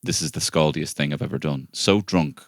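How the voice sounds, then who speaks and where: A man's voice: normal speed, no echo, studio quality. A man co-hosting a casual comedy chat, telling stories with lots of swearing. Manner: animated storyteller, swears freely, breaks into high shouted impressions. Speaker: podcast co-host.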